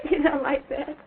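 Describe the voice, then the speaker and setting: A woman's voice: high-pitched, gravelly, heavily acted. An actress playing a doting young woman who coaxes and plays with a small child in an early talkie. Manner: tender, playful, coaxing, laughs often. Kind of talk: early talkie film acting. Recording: tinny scratchy 1920s film soundtrack.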